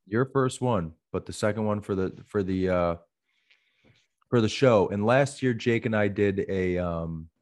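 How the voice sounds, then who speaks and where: A man's voice: lowish voice, unhurried, a little mellow. A man co-hosting a podcast in casual chat, rambling with many fillers and acting out the voices he quotes. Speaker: podcast co-host.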